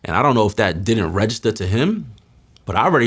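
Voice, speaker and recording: A man, telling his life story in a streetwise, slangy way, often dropping quiet at heavy moments. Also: lowish voice, very animated, brisk, creaky, breathy edge. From Mount Vernon, New York. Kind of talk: candid testimony.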